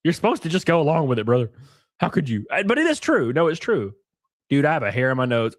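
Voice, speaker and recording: A man hosting a live stream, chatting casually and joking loudly with viewers while sick and sniffly. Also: on the high side, big pitch swings, fast talker, no room sound, studio quality. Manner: rowdy, jokey, loud exclamations and laughs. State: sick and sniffly, stuffed nose.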